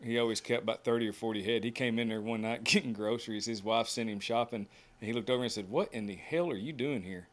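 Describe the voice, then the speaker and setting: A medium-pitched man talks at a quick pace: an American horseshoer guesting on a podcast. He tells casual, folksy stories and plays out the lines of the other people in them.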